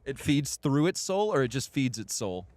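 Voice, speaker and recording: A man's voice: medium pitch, very animated, normal speed, a little mellow, no echo. A man hosting a livestream, joking irreverently and thanking subscribers. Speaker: streamer host. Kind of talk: casual livestream chat.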